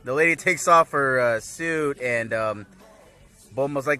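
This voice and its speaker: A man giving a casual, rambling recap of an anime episode, laughing often and acting out characters' lines in excited voices. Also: mid-range voice, a little slow, smooth. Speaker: anime reviewer.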